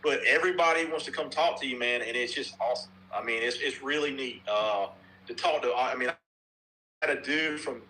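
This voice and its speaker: A man's voice with a bright, forward edge, talking loosely and at length in a relaxed podcast conversation. He is middle-aged and from North Carolina, circles back on his own words and drops a swear word now and then. A faint hum sits behind him. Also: mid-range voice, a little fast, low-quality recording. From North Carolina, USA. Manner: rambling, repeats himself, swears casually. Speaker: softball bat reviewer and podcast guest. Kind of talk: casual podcast chat.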